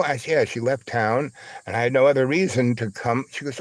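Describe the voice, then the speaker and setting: A man hosting a livestream spins a long, winding anecdote, piling up fillers and asides. His voice sits at a middling pitch, and the recording is dry and close. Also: a little fast, no echo. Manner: rambling storyteller, full of fillers and asides; acts out other voices with big high squeals. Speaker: livestream host. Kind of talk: rambling anecdote.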